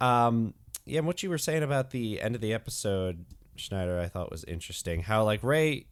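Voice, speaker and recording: A man's voice: on the low side, animated, fairly quick, clean tone. A young man co-hosting a casual podcast, talking through his thoughts in a rambling, hesitant way with many fillers. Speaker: podcast co-host.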